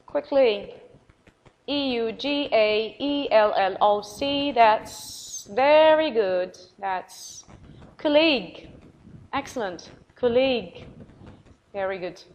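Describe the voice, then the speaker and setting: A woman with an Arabic accent teaches English vocabulary in a recorded lesson, encouraging her students while spelling words letter by letter and repeating them slowly. Her voice is on the high side, and the audio is poor.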